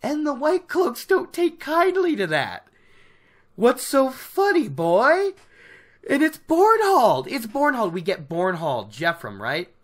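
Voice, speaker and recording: Lively book recap host, opinionated, bright voice, animated pitch. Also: measured pace, hardly any pauses. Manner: animated, opinionated, laughs often.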